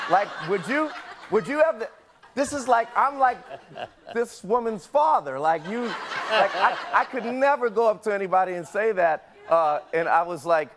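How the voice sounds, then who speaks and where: A man with a Southern US accent, hosting a talk show and telling a comic story to his audience, animated and laughing through his lines. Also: sits high, measured pace, pauses often, background noise. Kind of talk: comedic storytelling to a studio audience.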